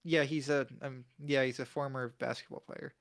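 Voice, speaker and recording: A man's voice: mid-range voice, steady tone, normal speed, fairly bright tone, a little hiss or hum. A young man with a Midwestern American accent, co-hosting a casual podcast, joking and laughing often. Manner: joking, laughs often, reads aloud from searches. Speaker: podcast co-host. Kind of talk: casual chat.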